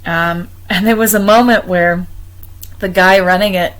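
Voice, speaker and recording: A woman's voice: a little slow, poor audio. Chatty young woman telling a story. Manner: chatty, many ums and restarts, bursts into high excited quoting. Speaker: vlogger. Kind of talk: casual personal storytelling.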